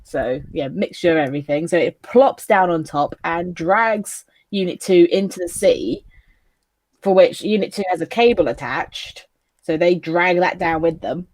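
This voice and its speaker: A woman recapping an anime episode for a casual review with a friend. She talks in a slightly low voice, giggles, and fills her sentences with loose asides. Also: unhurried, darkish tone. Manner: giggly, recaps with many "like" fillers. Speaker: co-host.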